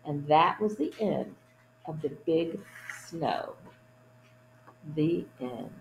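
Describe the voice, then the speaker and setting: A woman reading a children's picture book aloud at storytime, adding gentle asides to young listeners. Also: low voice, animated, drawn-out words, creaky, pauses often, reverberant, a little hiss or hum, poor audio. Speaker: storytime reader.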